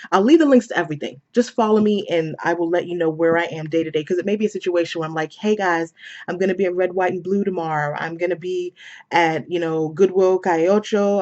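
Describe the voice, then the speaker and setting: A woman chatting upbeat in a casual shopping haul vlog, filling pauses with lots of "um"s. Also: lowish voice, a little mellow. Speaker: fashion vlogger. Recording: slightly dull lo-fi sound.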